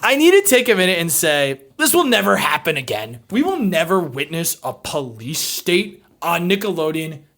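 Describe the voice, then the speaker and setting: Impassioned TV essayist, profane and expressive, with a wide melodic range and mid pitch. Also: normal speed, hardly any pauses. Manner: profane, excitable, swings from shouting to hushed reflection. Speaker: video essayist reviewing a TV episode. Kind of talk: impassioned review commentary.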